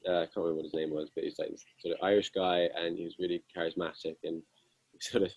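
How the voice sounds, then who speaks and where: A young man with a husky voice, telling self-deprecating band stories with lots of fillers in a casual interview. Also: low voice, level tone, fast, darkish tone, no room sound, poor audio. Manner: self-deprecating, amused, rambling with many fillers. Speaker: guitarist guest.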